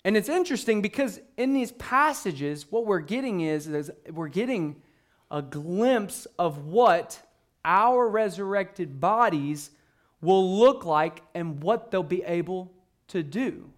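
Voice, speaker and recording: A man with a high voice preaches a sermon in a loose, conversational way. He often restarts his sentences and uses fillers. Now and then he acts out an excited exchange between characters. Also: slow pace. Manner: acts out the disciples' excited questions. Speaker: pastor.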